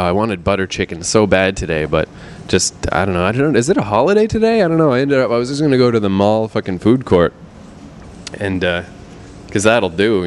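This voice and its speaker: Low-voiced man ranting with constant swearing. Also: a little hiss or hum. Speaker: projectionist and show host. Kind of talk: casual profane rant.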